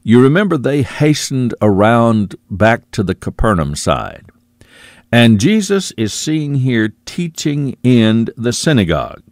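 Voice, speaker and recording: A man preaching a sermon, earnest, repeating phrases for emphasis and dropping low and quiet on asides to the listener. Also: sing-song, a little slow, no room sound, clean studio sound.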